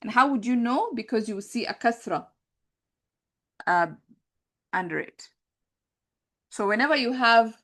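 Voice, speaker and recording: A woman's voice: fairly high pitch, unhurried, pauses often, a bit bright. Self-correcting woman teaching grammar. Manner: repeats points, often corrects herself mid-sentence. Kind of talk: explanatory classroom lesson.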